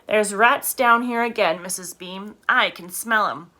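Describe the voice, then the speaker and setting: A woman's voice: medium pitch, measured pace, pushed and bright. A woman voicing a big, meek servant woman in a children's story, eager and fussing.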